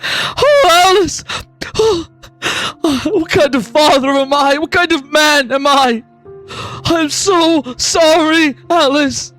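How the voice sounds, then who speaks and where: A man puts on a heartbroken father in a tabletop fantasy game, his voice lifted high and shaking as he sobs. He stammers and repeats himself, crying through every apology, a grieving lord undone by remorse. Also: a bit bright. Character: weeping remorseful middle-aged father, a lord.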